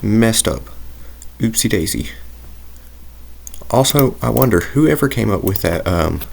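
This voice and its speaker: Young male gamer, deep voice with heavy fry, loose rambling commentary, thinks out loud. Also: expressive, a little slow. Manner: rambling, drifts into tangents and talks to himself. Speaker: gaming video creator. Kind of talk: casual gameplay commentary.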